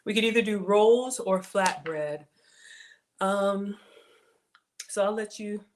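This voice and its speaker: A woman's voice: mid-range voice, slow, a little hiss or hum. A woman with a Southern US accent hosting a casual cooking livestream, chatting with viewers and thanking them often, trailing off and restarting her sentences. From Southern United States.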